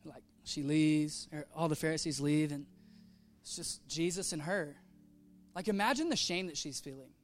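A man's voice: fairly high pitch, moderate pace, soft background music. A man preaching a sermon, telling a story with casual slang and acting out the quoted voices. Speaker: pastor.

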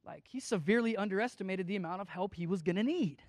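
A man's voice: high-pitched, expressive, brisk, long pauses, no room sound, studio quality, long reverb tail. A man preaching a casual sermon, retelling a parable and acting out the characters' lines. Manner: casual, acts out the story's voices.

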